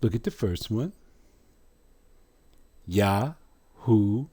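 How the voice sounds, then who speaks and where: Low husky guy teaching slow, stretching every sound out, lots of questions. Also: animated, dark tone. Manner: drawn-out, deliberate, asks rhetorical questions. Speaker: religious teacher. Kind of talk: slow pronunciation lesson.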